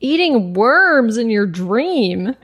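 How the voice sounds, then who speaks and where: A woman's voice: a little high, big pitch swings, slow pace, a bit bright, breathy edge. A woman hosting a podcast, reacting to listener voicemails with short echoing remarks. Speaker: podcast host. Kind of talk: casual chat.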